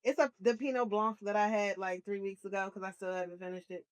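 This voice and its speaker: A woman's voice: mid-range voice, fairly even intonation, fast talker. A woman co-hosting a podcast, introducing guests and chatting in an upbeat, welcoming way. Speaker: podcast co-host. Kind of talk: casual chat.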